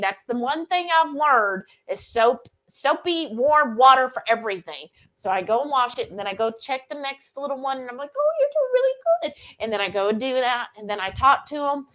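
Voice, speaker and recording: A woman's voice: on the high side, fairly bright tone. A woman hosting a cooking livestream, chatting casually and animatedly, reading out viewer comments and laughing often. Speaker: livestream cooking show host.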